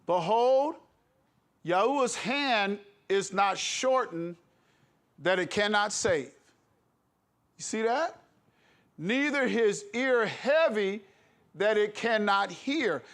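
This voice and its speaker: A man's voice: high-pitched, animated, slow pace, long pauses, a bit bright. A man preaching a sermon with an impassioned, emphatic delivery, breaking into laughs. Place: congregation hall.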